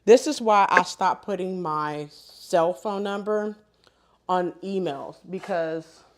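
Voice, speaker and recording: A middle-aged woman hosting a live sewing stream, telling stories in animated, colloquial casual chat and laughing often. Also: fairly low pitch, slow pace, slight background noise.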